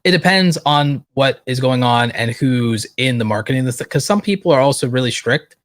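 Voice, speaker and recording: A man's voice: medium pitch, animated, moderate pace, a bit bright. Man hosting a casual livestream Q&A. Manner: reads viewer questions aloud and answers directly. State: losing his voice. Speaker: livestream host.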